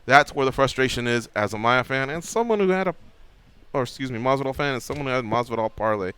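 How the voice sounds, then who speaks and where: A man hosting a sports radio show, explaining fights in an animated, emphatic way. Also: mid-range voice, fast talker, clear, resonant tone. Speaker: radio host.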